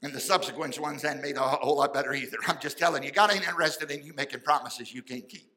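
Male pastor, folksy fervent sermon, bright tone. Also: on the high side, fast, poor audio. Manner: fervent, folksy preaching with sudden loud and soft swings.

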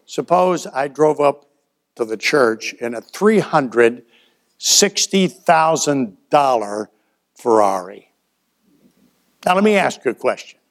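A man's voice: mid-range voice, animated, takes it slowly, pauses often. A man preaching a sermon in a folksy storytelling way, acting out little dialogues and letting his voice rise and drop. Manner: folksy storytelling with acted-out dialogue and shifts in loudness. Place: church.

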